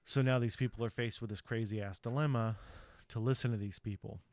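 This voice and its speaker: A man's voice: medium pitch, steady tone, brisk, darkish tone, no echo. A man hosting a podcast, recapping a film plot in a chatty, rambling way, with lots of ums and you-knows. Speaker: podcast host. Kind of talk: casual movie recap.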